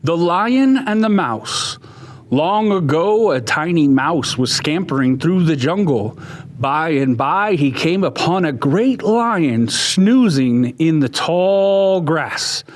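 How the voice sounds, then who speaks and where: A man working as a museum educator reads a children's picture book aloud in an exhibit hall. His voice is high and very animated, and he reads slowly and expressively. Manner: lively, expressive storytelling.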